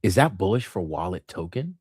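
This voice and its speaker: Very deep-voiced man, rambling. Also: very animated, brisk, a little mellow, breathy edge, no echo, clean studio sound. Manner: rambling, thinks aloud with many fillers and restarts. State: has the hiccups. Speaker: livestream host. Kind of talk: casual market commentary livestream.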